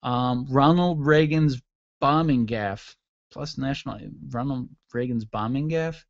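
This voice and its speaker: This thirty-something man runs a solo talk radio program, meandering through irreverent, sarcastic humor at an unhurried pace and a medium pitch. The sound, captured through a studio mic and mixer, is dry, dull, and lo-fi, with no echo.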